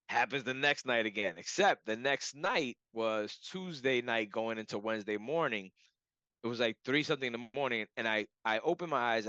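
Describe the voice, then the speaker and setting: A man telling a personal story in a casual, animated way, full of "like" and "you know". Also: mid-range voice, dry recording. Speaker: client giving a testimonial. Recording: dull lo-fi audio.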